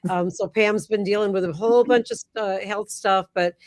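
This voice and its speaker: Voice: mid-range voice, fairly even intonation, normal speed, dry recording. A co-host explaining the background to listeners in a casual chat. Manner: explanatory, laughing often.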